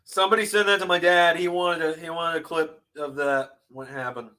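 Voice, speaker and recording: A man hosting a live reaction stream, talking casually to viewers, often exasperated and swearing loudly at what he watches. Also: fairly high pitch, steady tone, moderate pace. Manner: swearing, exasperated, loud outbursts. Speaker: host reacting live to wrestling.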